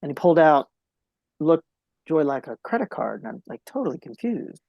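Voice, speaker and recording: Gravelly man telling an earnest story. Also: fairly high pitch, very animated, moderate pace, no room sound, muffled recording. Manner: earnest, repeats key phrases for emphasis. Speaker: podcast guest and public speaker. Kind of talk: heartfelt interview storytelling.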